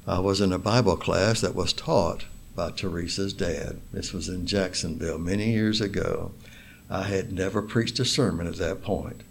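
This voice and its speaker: Slow, deliberate preacher man. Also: sits low, creaky, slight background noise. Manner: slow, deliberate, stressing single words; reads scripture aloud in King James wording. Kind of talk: sermon.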